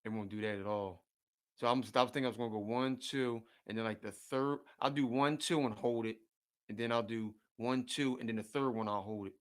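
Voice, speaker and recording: A man chats casually in loose slang, with a voice of ordinary pitch. He repeats his words and jumps from one topic to another. He often chuckles between his sentences. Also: steady tone, fairly quick. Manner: often chuckles while talking. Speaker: streamer chatting with viewers. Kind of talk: casual chat.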